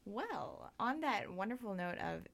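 A woman's voice: mid-range voice, sing-song, unhurried, gravelly, fairly bright tone. A woman hosting a casual arts talk show on the radio, rambling along with plenty of fillers.

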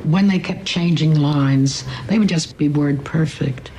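A woman's voice: deep voice, unhurried, warm tone, a little hiss or hum, poor audio. An older woman reminiscing in an interview, reflective and tender as she tells her story.

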